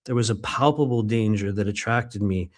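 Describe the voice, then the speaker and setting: A man's voice: lowish voice, moderate pace. A man reading aloud from his own book during a live stream, breaking off often into loose, conversational asides with plenty of fillers. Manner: conversational and digressive, many fillers.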